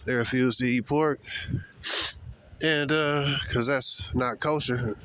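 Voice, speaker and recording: A man gives a casual, sermon-like talk outdoors while out on a brisk walk. His speech is slangy and emphatic, and he hammers his points home by repeating them. His breathing is heavy from the pace of his walk. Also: mid-range voice, steady tone, pushed and bright, a little hiss or hum. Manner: talks while walking fast, breathing hard. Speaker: vlogger. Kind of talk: casual preachy monologue.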